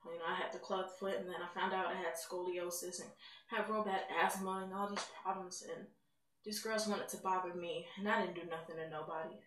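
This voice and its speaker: A woman's voice: lowish voice, fairly even intonation, brisk, fairly bright tone. Woman telling a candid personal testimony. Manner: candid, conversational, emotional retelling. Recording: roomy sound, mic at a distance.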